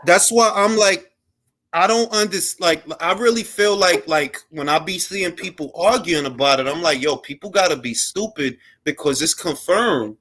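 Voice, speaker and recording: Male stream host with a slightly high voice, brash, slangy, trash-talking. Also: moderate pace, bright, forceful tone. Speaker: boxing talk show host. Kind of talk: casual live-stream chat.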